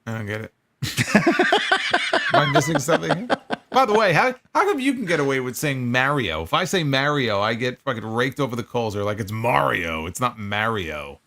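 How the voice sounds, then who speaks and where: A man co-hosting a casual chat show, animated and opinionated, laughing easily. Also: mid-range voice, moderate pace. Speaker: podcast co-host.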